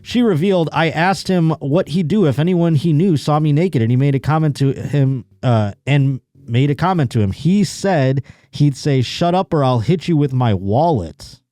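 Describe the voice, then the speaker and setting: Male podcast host, mellow tone, crude sarcastic riffing, dry close mic. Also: fairly high pitch, normal speed, hardly any pauses, dry recording. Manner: crude, sarcastic riffing between read-out articles. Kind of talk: casual comedic chat reading news stories.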